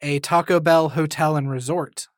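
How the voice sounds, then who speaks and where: A man co-hosting a podcast, reading out odd news stories in a teasing, deadpan way during casual chat. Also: fairly high pitch, moderate pace, no echo, clean studio sound. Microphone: studio mic.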